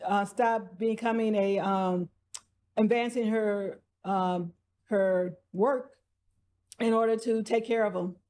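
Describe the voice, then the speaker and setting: A woman's voice: medium pitch, steady tone, slow, a little mellow. A woman vlogger casually recapping TV dramas, chatty, laughing often and restarting her sentences.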